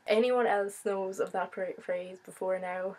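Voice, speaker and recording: Husky, young woman, excitable, casual vlog chat. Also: medium pitch, measured pace, low-quality recording. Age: young adult. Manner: excitable, giggly, sweary. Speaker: vlogger.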